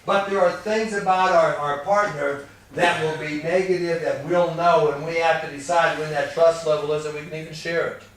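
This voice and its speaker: A man's voice: a little high, steady tone, normal speed, few pauses. A man in his sixties giving a marriage seminar to an audience, teaching in a folksy storytelling way and acting out the voices in his stories. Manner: folksy storytelling, acts out quoted exchanges. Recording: distant mic in an echoey room.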